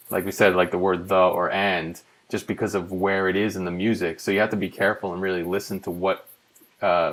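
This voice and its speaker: A man hosting a casual songwriting talk, explaining points in a measured way. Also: sits low, rough recording. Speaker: host. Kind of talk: casual conversational advice.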